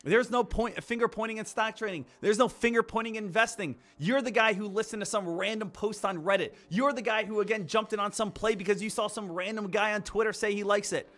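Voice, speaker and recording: A man with a high, bright-toned voice giving an emphatic live-stream talk about trading. He lectures his viewers and hammers points home by repeating himself. Faint music plays underneath. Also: fairly quick, few pauses.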